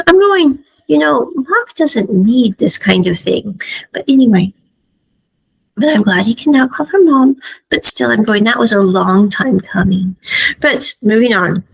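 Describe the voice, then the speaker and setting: A woman's voice: a little high, animated, unhurried, creaky, slightly rough, low-quality recording. A woman giving a casual, chatty spoken review of a drama series, retelling scenes with frequent asides.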